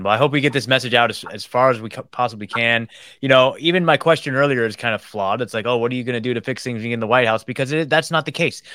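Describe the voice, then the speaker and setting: A man's voice: mid-range voice, bright, forceful tone, no echo, studio quality. A man hosting an interview show, chatting in a casual, agreeable and laid-back way. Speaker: interview host. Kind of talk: casual chat.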